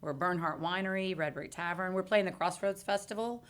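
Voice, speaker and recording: A woman's voice: lowish voice, brisk, crowd noise. A middle-aged woman with a Texan accent, a band's lead singer, telling stories as a guest in an upbeat way. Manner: storytelling, upbeat. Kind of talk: casual chat.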